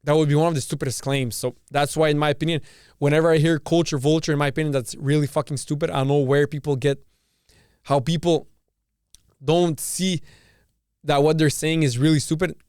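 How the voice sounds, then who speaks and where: A man from Canada hosts a podcast as a casual, profane rant, often repeating and restarting his phrases. His voice sits a little high and sounds smooth and clear. The recording is dry and close. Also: fairly even intonation, a little fast, darkish tone, no echo. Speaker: podcast host. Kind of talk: casual opinion monologue.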